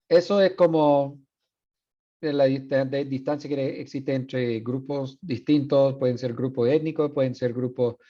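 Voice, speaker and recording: A man's voice: medium pitch, dark tone, highs cut off. A man in his thirties teaching a university class, switching between Spanish and English with frequent restarts. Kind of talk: classroom lecture.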